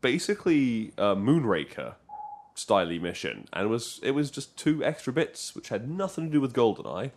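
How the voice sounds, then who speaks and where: A man with a mid-range, lively, swooping voice co-hosts a casual podcast about old games. He jokes often and breaks into quick bursts of excitement, keeping the talk loose and conversational.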